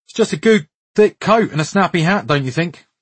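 A man putting on a big, jovial West African man with a thick West African accent. He talks hearty and chummy, sure of himself, well above the narrator's own husky pitch, in a close, dry sound. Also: expressive, brisk, dry recording.

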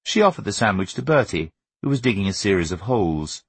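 A man reading a novel aloud as an audiobook narrator, with an expressive, wry storytelling manner. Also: low voice, brisk, few pauses, husky, no room sound. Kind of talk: scripted narration.

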